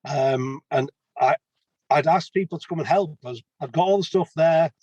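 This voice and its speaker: A man's voice: fairly high pitch, moderate pace, a little mellow, dry recording, lo-fi sound. Chatty plumber in his fifties. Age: 50s. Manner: chatty storyteller, many restarts. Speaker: guest, plumber. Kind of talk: casual podcast interview.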